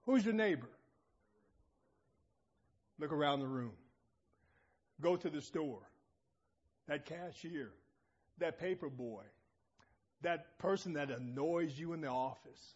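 A man's voice: a little high, expressive, takes it slowly, pauses often, highs cut off. A man preaching a sermon, emphatic and calling out questions to the congregation in a church assembly.

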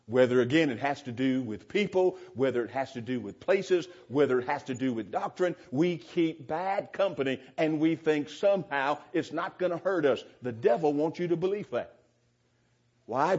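A man's voice: mid-range voice, animated, normal speed, a little mellow, slightly rough. A man preaching a sermon to a congregation, earnest and emphatic, repeating and restarting phrases for stress. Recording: dull, lo-fi recording.

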